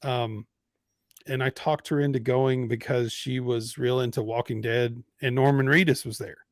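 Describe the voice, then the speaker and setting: A man in his thirties tells a story on his podcast, playing the other people's lines as he goes. His mic is close and dry, with almost no room sound. His pitch is mid-range for a man. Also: normal speed, no echo. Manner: animated storyteller acting out quotes. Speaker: podcast host. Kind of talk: casual storytelling chat.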